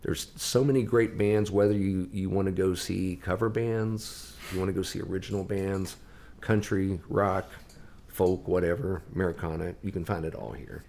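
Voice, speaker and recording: Low, gravelly-voiced man telling stories. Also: normal speed. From Ohio. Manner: lively storyteller acting out quoted voices. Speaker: guest musician. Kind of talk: anecdotal storytelling in conversation.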